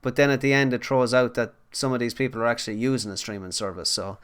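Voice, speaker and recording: A man's voice: medium pitch, steady tone, fast talker, fairly bright tone, clean tone. A man hosting a gaming podcast, asking friendly questions and reading out news items. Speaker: podcast host. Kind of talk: casual chat and news reading.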